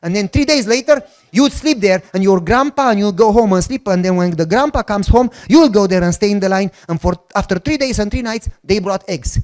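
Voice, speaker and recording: A man with a Romanian accent telling a personal testimony as a sermon, acting out the dialogue and bursting into shouts. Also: sits high, fairly quick, few pauses. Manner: animated storytelling with acted-out dialogue and shouted outbursts. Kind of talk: sermon storytelling.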